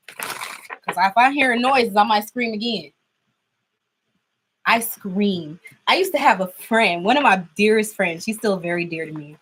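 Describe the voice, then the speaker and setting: A woman's voice: fairly high pitch, lively intonation, moderate pace, a bit bright, poor audio. A young adult woman chatting casually through a tarot reading, laughing often. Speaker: tarot reader.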